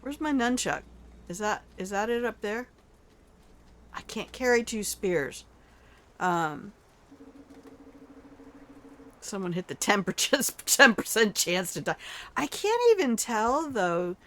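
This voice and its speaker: A woman's voice: mid-range voice, sing-song, slow pace, long pauses, a bit bright. An older woman giving chatty, playful live-stream commentary while playing a game, joking at her own expense and talking to her viewers. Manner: playful, chatty, self-mocking trash talk; talks to chat and the game character.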